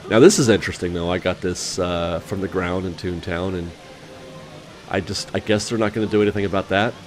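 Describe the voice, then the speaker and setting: A man hosting a vlog, talking casually over footage with a raspy, hoarse voice and a chatty, rambling manner full of fillers. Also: sits low, fairly even intonation, brisk, a little hiss or hum. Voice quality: raspy, recovering from illness. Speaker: vlog host.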